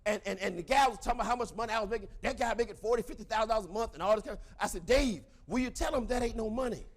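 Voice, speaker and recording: A man in his forties with a Southern US accent, giving a motivational seminar talk in an emphatic, repetitive way with bursts of shouting. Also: high-pitched, very fast. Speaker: seminar speaker.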